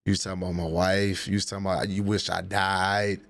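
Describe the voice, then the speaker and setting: Dude on a livestream roasting chat, low voice, aave, profane and laughing. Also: male voice, flat delivery, brisk, vocal fry, fairly bright tone, no room sound. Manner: trash-talking, laughing, profane banter. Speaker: livestream host.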